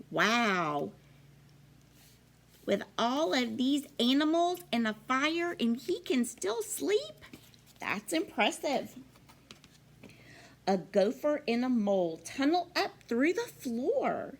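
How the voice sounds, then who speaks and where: A woman teacher reading a picture book aloud to children in an animated, expressive way. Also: a little high. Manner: animated, expressive, slow and deliberate.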